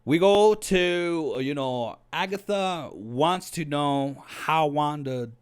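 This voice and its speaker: A man giving a casual, excitable review of a TV episode, rambling and slangy, often saying "dude". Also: fairly high pitch, takes it slowly, clean tone. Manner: excitable, with many restarts.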